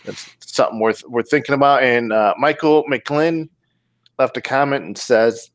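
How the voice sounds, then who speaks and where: A man hosting a casual tech podcast, talking in a relaxed way with many ums and restarts. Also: mid-range voice, moderate pace, no room sound. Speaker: podcast host. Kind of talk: casual podcast chat, reading listener comments.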